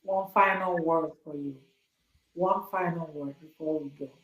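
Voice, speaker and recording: A woman's voice: low-pitched, a little slow, slight background noise. A woman interview host who asks supportive questions and echoes the guest's words back.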